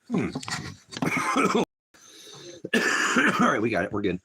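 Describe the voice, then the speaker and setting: A man's voice: fairly low pitch, wildly swooping pitch, drawn-out words, pauses often, bright, forceful tone, a little hiss or hum. A man with a cough rambling in casual livestream chat from a small cabin, often talking sweetly to his dog. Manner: rambling, talks baby-talk to his dog. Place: small hot cabin, off-grid farm.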